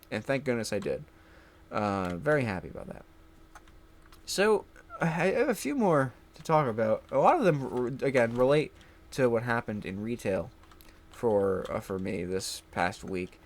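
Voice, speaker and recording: A young man tells stories in a loose, casual vlog chat. His pitch rises and falls a lot, he laughs often, and he swears freely. When he quotes people, he jumps into high, mocking voices. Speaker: gaming vlogger.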